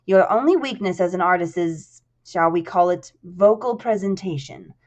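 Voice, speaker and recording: A woman voicing an authoritative male businessman with a measured, persuasive delivery. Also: on the low side, a little mellow, natural voice.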